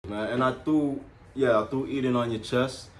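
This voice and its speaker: A young man telling the story of his child's birth in a casual chat, animated and laughing, often calling the listener "bro". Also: mid-range voice, moderate pace, reverberant.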